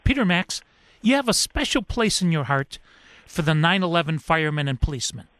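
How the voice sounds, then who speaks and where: A man's voice: fairly high pitch, big pitch swings, fairly quick, a bit bright, no room sound. A man interviewing a guest, asking emphatic questions.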